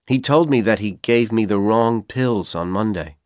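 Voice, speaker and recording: A man with a Persian accent voicing a manipulative young man who coaxes and pressures in a calm, persuasive tone. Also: fairly low pitch, normal speed, dry recording, studio quality, natural voice. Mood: coaxing. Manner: coaxing, then coldly insistent.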